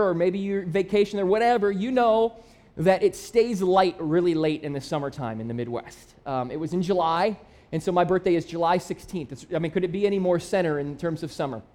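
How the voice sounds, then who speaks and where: A man's voice: sits high, darkish tone. A man in his thirties, a pastor, preaching a conversational sermon with personal stories and emphatic appeals. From Michigan. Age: 30s. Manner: storytelling, conversational and self-deprecating; builds to emphatic, rising appeals.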